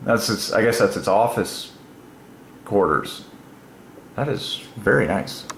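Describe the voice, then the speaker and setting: A man with a fairly low voice hosts his own video channel in an excited solo monologue. He rambles, exclaims and chuckles between phrases. The recording is roomy and echoey, with a faint hum of ambience behind him. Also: takes it slowly, vocal fry.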